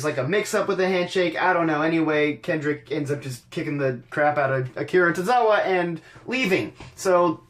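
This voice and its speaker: Male podcast host, casual wrestling recap, dry sarcasm, stammers and restarts. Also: fairly high pitch.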